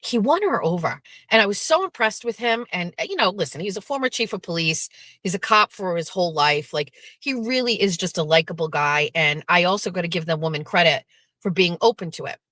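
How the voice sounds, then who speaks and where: A woman hosting a show, telling a story in a casual, animated monologue, blunt and swearing freely as she acts out what people said. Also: on the low side, fairly quick, no echo. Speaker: show host.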